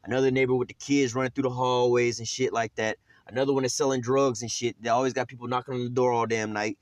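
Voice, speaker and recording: A man teaching scripture at a quick clip, loose and streetwise, heavy with slang and cursing. He trails off in fillers and restarts. The sound is dry and close. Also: mid-range voice, level tone, no room sound. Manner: streetwise, profane, rambling with many fillers.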